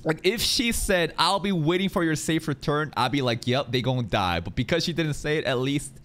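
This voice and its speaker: A man reacting to an anime episode in casual, excitable commentary. He swears freely and jokes at the screen. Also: on the high side, a little fast, very noisy. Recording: anime audio playing behind him.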